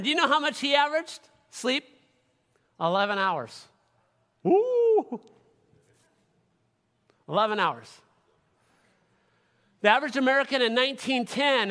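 Bright-voiced male pastor preaching in a hall. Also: fairly high pitch. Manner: dynamic preaching, swinging from loud to hushed. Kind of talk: sermon. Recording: live sermon in a reverberant hall.

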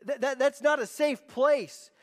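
A man's voice: very high-pitched, a little slow, in a large hall. A man preaching a sermon as pastor, emphatic and often repeating words as he presses a point.

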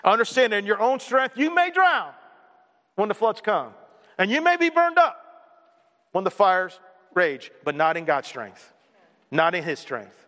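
A pastor preaching a sermon with energy, repeating lines and joking along the way. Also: male voice, high-pitched, very animated, a little slow, pauses often, bright, forceful tone. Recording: long hall reverb.

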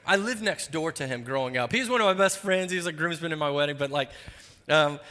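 A male pastor preaching in a church, with a bright, forceful, slightly high voice. He moves between lively storytelling and low, quiet emphasis. The sound carries a long reverb from a large hall. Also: quick pace. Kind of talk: sermon.

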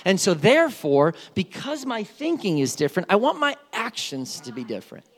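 A man preaching a sermon as pastor, animated and playful, with storytelling asides. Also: high-pitched, moderate pace, hardly any pauses. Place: church sanctuary.

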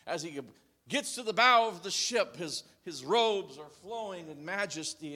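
Guy pastor preaching, high-ish voice, goes loud then real quiet, very dramatic. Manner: dramatic swings between loud and hushed. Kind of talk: sermon.

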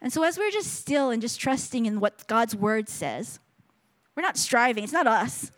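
A woman with a fairly high voice tells a testimony to a congregation. She speaks earnestly and in a storytelling way, often stopping and restarting her sentences. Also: sing-song, moderate pace. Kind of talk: sermon testimony.

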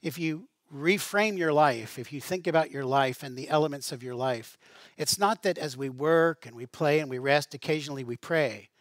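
Pastor preaching with dry, close sound. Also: male voice, fairly high pitch, normal speed, no room sound. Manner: conversational preaching with asides and light humor. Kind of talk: sermon.

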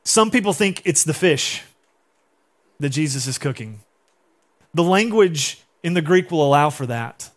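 A young adult man, a pastor, preaches a sermon in a casual, conversational way, performing quotes in different voices. His voice is on the high side with lively intonation, and he speaks unhurriedly with long pauses.

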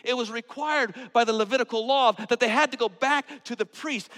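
A man preaching a sermon, swinging from hushed whispers to loud outbursts. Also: extremely high pitch, moderate pace. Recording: long hall reverb.

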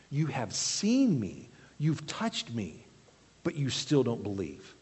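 Brief: unhurried man preaching a sermon, very animated pitch, long hall reverb. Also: breathy edge. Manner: expressive, questioning, explains verse by verse.

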